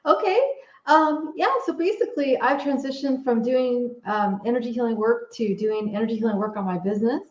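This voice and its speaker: A woman's voice: on the high side, brisk. A woman guest talking casually in an interview, hesitant, with many fillers and restarts. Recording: echoey, slightly dull audio.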